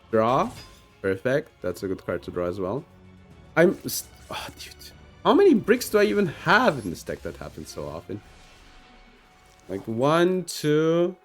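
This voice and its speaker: Man, game streamer, casual commentary, self-mocking, rambling, lively swooping pitch, faint background music.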